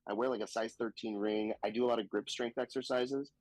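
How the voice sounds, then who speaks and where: A man from the Southern United States, a stand-up comedian telling stories in a casual podcast chat, animated and profane, slipping into quoted voices. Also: fairly low pitch, brisk, no room sound, poor audio.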